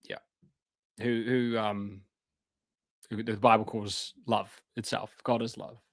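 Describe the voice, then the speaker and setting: A man's voice: on the low side, level tone, takes it slowly. A man giving a live-stream lecture in an impassioned, sarcastic way, with many fillers and restarts.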